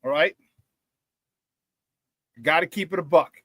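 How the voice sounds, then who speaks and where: This sports talk radio host, a man from the Chicago area, has a fairly high voice and a measured pace on a dry recording. Hosting a casual show, he reads the live chat aloud, repeats himself, and laughs often in an animated way.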